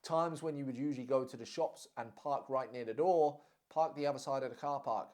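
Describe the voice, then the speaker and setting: A young man giving fitness and diet advice in a blunt, teasing, energetic way, swearing freely. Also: mid-range voice, brisk. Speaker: fitness coach. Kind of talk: casual direct-to-camera advice.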